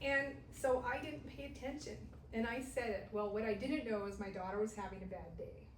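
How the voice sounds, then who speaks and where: A woman's voice: fairly high pitch, a little fast. A middle-aged woman from Southern California telling a personal story in a women's Bible study, laughing often and acting out what people said. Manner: lively storyteller who laughs and acts out quotes. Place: church meeting room. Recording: echoey room, distant mic, faint hiss.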